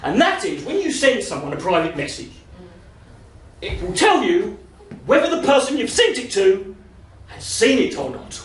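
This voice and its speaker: A stand-up comedian in his thirties, swearing freely and shouting out punchlines. His voice sits very high for a man. The recording has a roomy live-venue sound, with the voice a little distant from the mic. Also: very animated, moderate pace, a little hiss or hum. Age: 30s. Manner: brash, profane, bursts into shouting. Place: comedy venue in front of a laughing audience.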